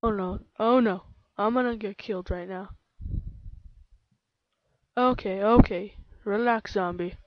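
A woman giving excitable, playful live gameplay commentary, sometimes slipping into baby talk, close to her microphone. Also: mid-range voice, unhurried, pauses often, dry recording. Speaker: let's play gamer. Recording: dull lo-fi home mic.

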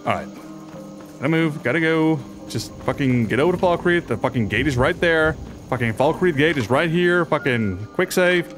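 A man commentating his own gameplay in a casual, profane and excitable way, reacting aloud to the game. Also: a little high, normal speed, music in the background. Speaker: gaming video host. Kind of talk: casual let's play commentary.

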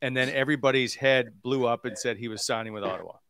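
A man's voice: medium pitch, fast talker, a bit bright, clear, resonant tone, no echo. Male host asking questions, dry sound. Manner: asks questions and sets up stories. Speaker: podcast host. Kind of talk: casual interview chat.

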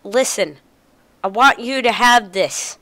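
A woman's voice: a little high, slow, fairly bright tone, no room sound. A woman reading out the lines of a father saying goodbye to his child in a video game. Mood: plain. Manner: read aloud from game dialogue. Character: gruff father handing down heirloom.

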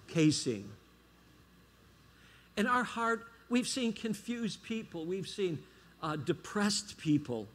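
Middle-aged male guest preacher, husky, slightly high voice, emphatic sermon delivery. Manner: emphatic, checks in with the congregation.

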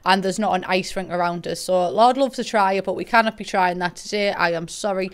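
A woman's voice: on the low side, fairly quick, smooth. Chatty, sweary Middlesbrough woman. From England. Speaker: gaming streamer. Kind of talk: casual game commentary.

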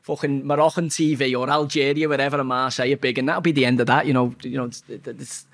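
A man's voice: mid-range voice, fairly even intonation, quick pace. A man in his forties with a Scouse accent, telling a rambling anecdote in casual chat, swearing constantly and restarting his sentences. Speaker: guest. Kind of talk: casual storytelling.

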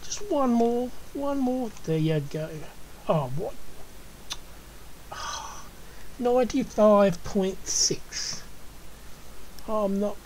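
Mellow Australian woman coaxing game pets. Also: mid-range voice, expressive, very slow, long pauses, a little hiss or hum, low-quality recording. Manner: chatty, coaxing and cooing at in-game animals. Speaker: gaming channel host. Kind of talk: casual gameplay commentary.

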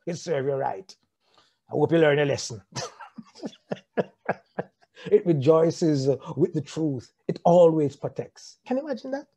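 Jamaican male preacher, husky and warm, asks the crowd question after question. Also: fairly high pitch. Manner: rhetorical questions, repeats phrases, chuckles often. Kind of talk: sermon on marriage.

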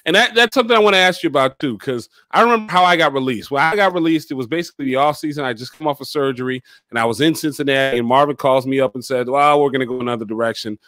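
A man's voice: fairly high pitch, very fast, few pauses, bright, forceful tone, no room sound. A man hosting a casual interview, recalling his own playing days and asking questions. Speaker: podcast host.

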